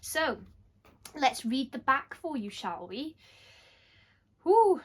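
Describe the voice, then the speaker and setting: A woman's voice: high-pitched, animated, slow pace, pushed and bright, husky. A young woman chatting casually through a book box unboxing. She rambles, apologises often and jokes at her own expense. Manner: chatty, apologetic, self-deprecating. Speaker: book vlogger.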